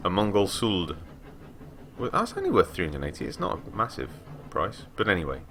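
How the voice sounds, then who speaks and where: A young man giving casual commentary while playing a story game, animated with wry asides. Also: deep voice, moderate pace, a little hiss or hum. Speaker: let's player.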